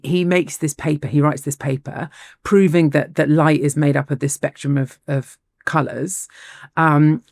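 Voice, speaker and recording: A woman with a low voice co-hosts a podcast and tells a story in a relaxed, chatty way. She is animated, laughs often and restarts her phrases. The recording is dry and close. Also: gravelly, dry recording. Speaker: podcast co-host. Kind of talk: casual storytelling chat.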